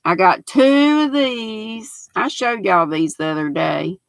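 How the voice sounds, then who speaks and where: A woman's voice: mid-range voice, expressive, slow pace, vocal fry, dry recording, poor audio. An older woman, hosting a livestream in a folksy, chatty way, reading out comments from her viewers. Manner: folksy, chatty, laughs often. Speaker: livestream host.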